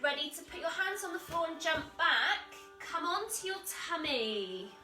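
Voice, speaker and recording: A woman with an English accent guiding a children's yoga class, calling out moves in a gentle, encouraging way. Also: very high voice, big pitch swings, moderate pace. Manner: encouraging, gentle, calls out moves while exercising. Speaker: kids yoga instructor. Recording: echoey room, voice from a distance, soft music.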